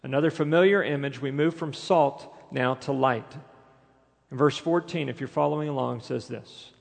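A man's voice: medium pitch, moderate pace, vocal fry. A man preaching a sermon as pastor, emphatic and full of rhetorical questions, recorded in a church sanctuary. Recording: long reverb of a large hall.

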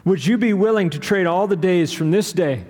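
A man preaching a sermon, rhythmic and building to loud, emphatic peaks. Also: sits high, normal speed. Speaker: pastor. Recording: long hall reverb.

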